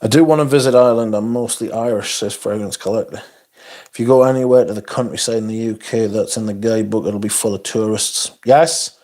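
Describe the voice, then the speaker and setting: A man's voice: on the low side, steady tone, brisk, a little mellow. A man hosting a casual livestream. He reads viewer comments aloud and answers them bluntly, swearing often and adding asides. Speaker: livestream host. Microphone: phone.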